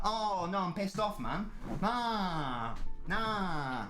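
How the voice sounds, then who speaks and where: A man's voice: high-pitched, very animated, drawn-out words, bright, forceful tone, faint music behind. Male streamer, angry foul-mouthed live-match ranting, echoey room. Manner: angry ranting, heavy swearing. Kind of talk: live match watch-along commentary.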